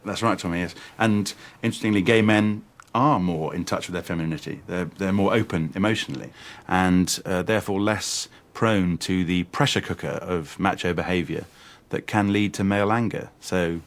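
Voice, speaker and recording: A man's voice: low-pitched, normal speed, hardly any pauses. An actor playing a mild male anger-management therapist who speaks earnestly and encourages the group. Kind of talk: sitcom acting.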